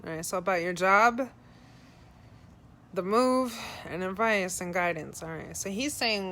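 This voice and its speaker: A woman psychic medium talking through a live reading at a middling pitch. She passes on spirit messages in the first person, casual and direct, with frank advice. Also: a little slow, bright, forceful tone. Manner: advising, frank tone.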